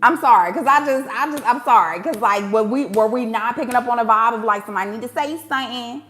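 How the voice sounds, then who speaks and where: A woman's voice: fairly high pitch, fast, fairly bright tone, faint music behind. A woman giving a casual spiritual reading to viewers, chatty and emotional, calling them "y'all" and "baby" and breaking into preaching bursts. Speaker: tarot card reader.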